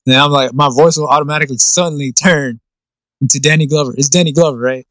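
A man's voice: on the high side, fairly even intonation, fast talker, fairly bright tone, no echo, low-quality recording. A young man co-hosting a podcast in casual chat, swearing freely and laughing through the movie lines he quotes. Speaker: podcast co-host.

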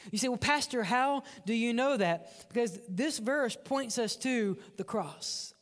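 A man's voice: sits high, big-room sound. A man preaching a sermon as pastor, dramatic and often dropping to a whisper for emphasis. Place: church sanctuary.

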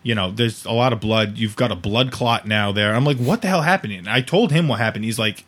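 A man's voice: fairly low pitch, a little fast. A man hosting a podcast, telling an embarrassing story in casual comedic style and acting out everyone's lines. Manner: animated, laughing storyteller acting out dialogue. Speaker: podcast host.

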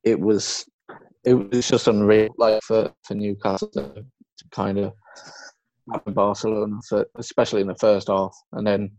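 A tired man talking as a guest on a casual sports podcast, rambling and halting. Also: lowish voice, little pitch movement, a little mellow, low-quality recording.

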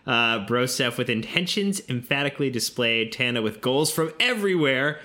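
A man's voice: medium pitch, animated, moderate pace, sharp tone. A man co-hosting a casual podcast, reading out listener entries with upbeat asides. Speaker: podcast co-host. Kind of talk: casual chat.

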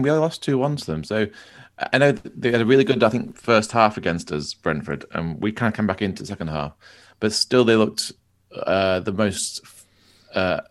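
A man co-hosting a football podcast, talking casually and hesitantly with many fillers. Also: low-pitched. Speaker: podcast co-host.

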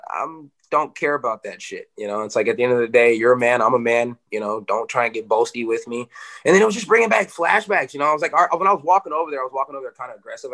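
A man, a fighter, telling stories in a casual interview, animated, full of "you know" and swearing. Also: on the high side.

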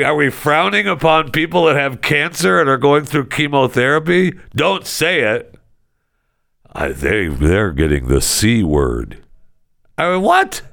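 A man's voice: fairly high pitch, gravelly, sharp tone, dry recording, clean studio sound. A man co-hosting a casual comedy podcast, ranting sarcastically and in exasperation. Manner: sarcastic, exasperated, swings into mock voices. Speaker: podcast co-host. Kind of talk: casual comedic talk-show rant.

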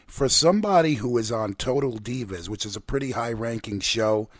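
A man hosting a casual wrestling podcast, giving a brisk play-by-play recap. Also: mid-range voice, dry recording. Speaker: podcast host.

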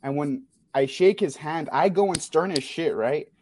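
A young man, telling a rowdy story on a talk show, swearing freely and talking fast. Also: on the high side, slight background noise. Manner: profane, animated storyteller. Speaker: caller sharing a story. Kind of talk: casual storytelling.

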